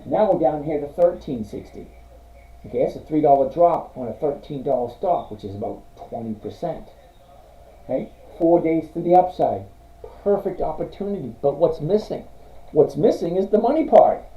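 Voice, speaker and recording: In dull, roomy lo-fi audio, a middle-aged livestream host chats about stocks, reading viewer comments out loud and offering apologetic refusals. His slightly high voice is expressive and moves at a normal speed.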